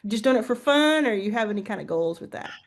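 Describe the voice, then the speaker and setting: A woman hosting a casual chat, talking in an animated way, full of restarts and "like". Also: a little high, fast. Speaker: host.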